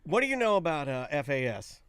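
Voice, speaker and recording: A male co-host with a slightly high voice who talks casually and tells stories with lots of animation. The sound is close and dry, with no room echo. He rambles and builds his tales up with gusto. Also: sing-song, a little fast, fairly bright tone, smooth. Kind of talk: casual live-stream chat.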